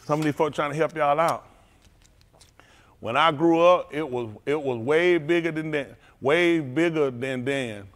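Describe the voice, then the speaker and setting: Teasing pastor with a Black drawl. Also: male voice, a little high, unhurried. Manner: playful, teasing, drawling street slang. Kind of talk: loose joking sermon talk to a congregation.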